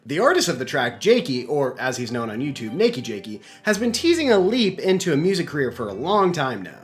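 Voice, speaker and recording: A man's voice: a little high, a bit bright. A man hosting a casual commentary video essay, making jokey, rambling asides.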